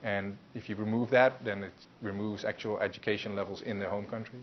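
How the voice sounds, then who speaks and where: A man's voice: lowish voice, steady tone, fairly quick. A man lecturing a university class in a loose, conversational way, with many fillers and restarts. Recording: muffled lecture recording with faint hiss.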